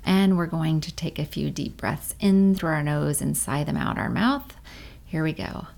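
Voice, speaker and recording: A woman, around her thirties, gently guiding a meditation practice in a calm, unhurried way, at times drawing on her own life as a parent. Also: low-pitched, vocal fry. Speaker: meditation guide. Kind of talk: guided meditation.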